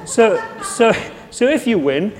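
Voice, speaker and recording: A man's voice: sits high, very animated, fairly quick, a little mellow, slight background noise, pitched above the performer's own voice. A man putting on an impression of a sardonic male comedian host who mocks celebrities bluntly, heard with long hall reverb. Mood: mocking. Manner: mocking, blunt.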